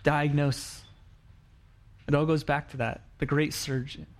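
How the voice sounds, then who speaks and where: A man preaching in a church in a chatty, storytelling way. His voice sits a little on the high side, and he slips into quoted lines to act out the people in his story. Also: level tone, a little slow, creaky. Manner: conversational preaching, acts out quoted lines, frequent restarts. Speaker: pastor. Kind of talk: sermon.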